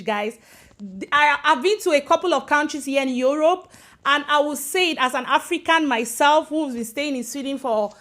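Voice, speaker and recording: Chatty high-voiced woman on a live stream. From Cameroon. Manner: chatty and warm, switching between English and Swedish, greeting commenters by name. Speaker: channel host on a live stream. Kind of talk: casual live-stream chat greeting viewers.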